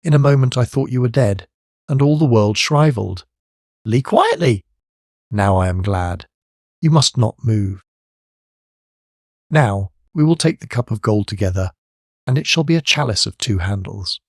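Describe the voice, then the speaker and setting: A man's voice: fairly low pitch, lively intonation, normal speed, long pauses, a little mellow, dry recording, clean studio sound. A man reading the part of a hard male buccaneer captain in an audiobook, speaking with an urgent, pleading delivery. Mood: tender.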